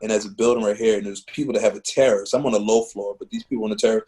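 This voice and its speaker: Speaking from his living room, this Baltimore musician and teacher races along in a lowish, warm, steady voice with hardly any pauses. His interview is reflective storytelling, sincere and heartfelt, peppered with "man" and "you know," and the recording quality is low.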